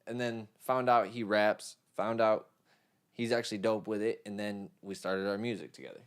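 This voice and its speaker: A young man with a New York accent mixes songs while chatting loosely with viewers on a live stream, swearing freely; he's a mixing engineer streaming live. His voice is lowish and clean in tone, at normal speed.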